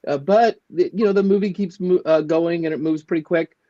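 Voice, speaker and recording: A man's voice: on the high side, fairly quick, mellow, muffled recording. A man co-hosting a casual movie podcast, rambling and joking in an easygoing way. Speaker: podcast co-host. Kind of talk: casual chat.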